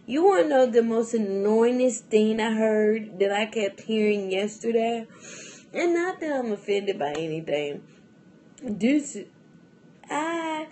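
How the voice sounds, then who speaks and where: A young woman talks casually to her camera, rambling through her thoughts with plenty of fillers and false starts. Her delivery is slow and unhurried, her pitch in a middle range, and she keeps breaking into laughs. A faint hum of ambient noise sits behind her voice. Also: expressive, warm tone. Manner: rambling, chatty, with many fillers and restarts. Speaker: vlogger.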